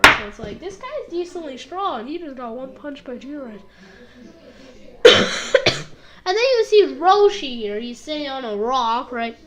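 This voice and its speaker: A woman's voice: high voice, fairly bright tone. A woman casually reviewing an anime episode, rambling with lots of fillers and acting out bits of dialogue. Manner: rambling, full of fillers and quick impressions.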